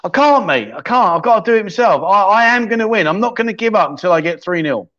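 A man's voice: high voice, animated, quick pace, sharp tone. A man hosting a casual livestream chat show, joking around and thinking aloud as he reads out viewer comments. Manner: chatty, jokey, thinks aloud while scrolling comments. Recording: slightly dull lo-fi sound.

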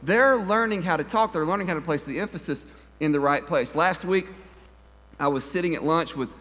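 A folksy man preaching from the pulpit, his voice sitting on the higher side for a man. He talks to the congregation like old friends, joking at his own expense and pressing down on the words that matter. A long church-hall reverb trails every phrase. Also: a little fast, a bit bright. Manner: folksy and self-deprecating, with stressed words. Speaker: pastor. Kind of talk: conversational sermon. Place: church sanctuary.

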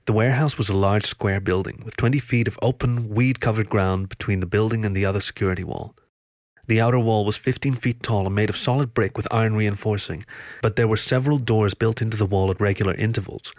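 A man narrates a thriller story in a low voice, steady and even. The sound is dry and close, with no room around it. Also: dry recording. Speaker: audiobook reader.

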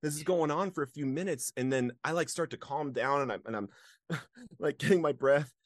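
A man's voice: fairly high pitch, normal speed, no room sound, studio quality. A man as an interview guest, sharing a personal story earnestly and emotionally, breaking into laughs now and then. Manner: earnest, laughs often, animated when reliving moments.

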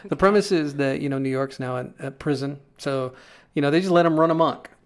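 A man co-hosting a casual political podcast, ranting with his voice jumping high when he gets exasperated. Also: fairly quick, clean tone. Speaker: podcast co-host.

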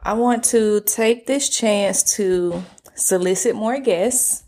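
A woman hosting a podcast solo, talking in a relaxed, slangy way with a flat, monotone delivery and casual swearing. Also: medium pitch, takes it slowly. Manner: self-described monotone delivery. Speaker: podcast host.

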